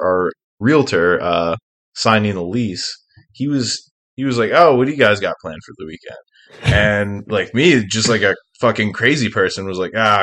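A man in casual podcast chat, telling wry deadpan stories. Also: lowish voice. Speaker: podcast co-host.

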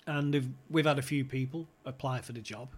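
A man's voice: medium pitch, steady tone, brisk, slightly rough. A man guesting on a podcast, telling club stories in a chatty way, swearing freely and acting out the people he quotes. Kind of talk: anecdotal storytelling.

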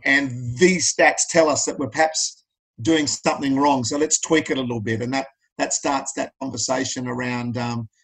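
A man's voice: mid-range voice, fairly even intonation, normal speed, creaky, a bit bright, slightly rough, poor audio. A middle-aged Australian man speaking as a podcast guest, telling personal stories in an earnest, plain-spoken way. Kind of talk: candid interview talk.

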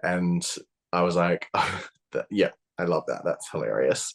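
A man co-hosting a podcast, chatting casually in a blunt, sweary and animated way. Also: low voice, measured pace, creaky. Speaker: podcast co-host. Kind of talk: casual chat.

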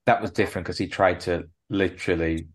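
A man co-hosting a wrestling podcast in casual chat, rambling and jokey with quick asides. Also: sits low, steady tone. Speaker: podcast co-host.

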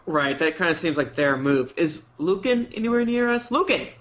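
A man's voice: fairly high pitch, lively intonation, moderate pace, a bit bright. Joking man at the game table. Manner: joking, prodding questions. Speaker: player.

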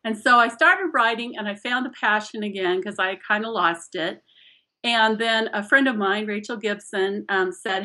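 A woman's voice: mid-range voice, normal speed. A middle-aged woman, an author being interviewed, chatting casually and acting out her own quotes with frequent laughs. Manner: animated storyteller, acts out quotes, laughs often. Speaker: author guest.

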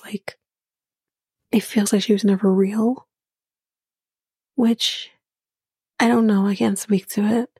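A woman's voice: medium pitch, mellow, breathy edge, no echo, studio quality. A woman hosting a podcast, recapping a reality show in a chatty, profane way and laughing at her own jokes. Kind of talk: casual chat.

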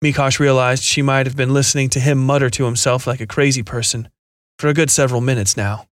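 A man narrating a scripted science fiction horror story in a steady, measured reading. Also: mid-range voice, no room sound, clean studio sound.

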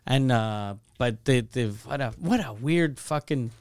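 Canadian podcast co-host, man, swears a lot, animated storyteller, dry close sound. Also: medium pitch, measured pace, dry recording. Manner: profane, animated storytelling, acts out quoted calls. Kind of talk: casual chat, storytelling.

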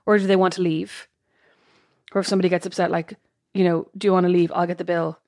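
A woman's voice: lowish voice, flat delivery, fast, a little mellow, no room sound, studio quality. A woman co-hosting a casual chat, talking in a thoughtful, reflective way with plenty of fillers. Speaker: podcast co-host.

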